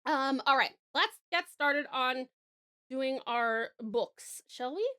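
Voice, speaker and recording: The woman's voice is high, smooth, pushed and bright, and she talks slowly. She's an Australian-accented streamer and voice actor casually chatting through viewer messages, laughing frequently and letting sentences trail off.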